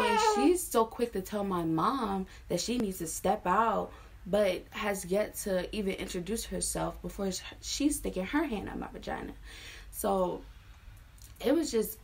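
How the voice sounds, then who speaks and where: A woman's voice: medium pitch, gravelly, slightly rough. A woman in her twenties from Maryland, telling a personal story casually and frankly, with lots of fillers. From Maryland, USA. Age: 20s. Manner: frank, chatty retelling with many fillers. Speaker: vlogger.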